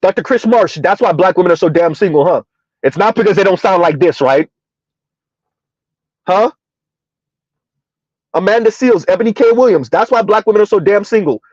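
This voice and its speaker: A high-pitched man hosts a commentary, firing off mocking rhetorical questions and stretching words for emphasis. The sound is dry and a little muffled. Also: animated, moderate pace, pauses often, a little mellow, dry recording. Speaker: commentary video host. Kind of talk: reaction commentary.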